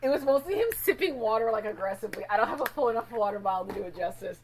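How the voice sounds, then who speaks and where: A woman streamer chatting casually with her viewers, animated and swearing a lot. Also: a little high, rapid-fire, noisy background.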